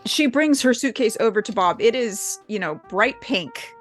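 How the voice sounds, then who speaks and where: A woman playing a tabletop game, describing her character's moves in a casual, halting way. Her voice is fairly high, with faint music underneath. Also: expressive. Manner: casual, hesitant. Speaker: player.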